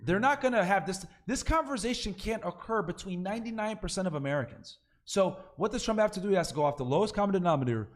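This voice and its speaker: A man's voice: high voice, expressive, fast talker, few pauses. A man on a livestream, ranting bluntly and mockingly in casual talk. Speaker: guest on a livestream.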